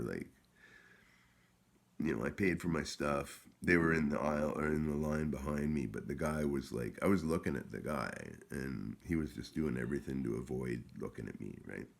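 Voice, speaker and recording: A man's voice: extremely low pitch, normal speed, gravelly. A man telling a rambling, profane story in a casual vlog, with many restarts. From Canada. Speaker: vlogger.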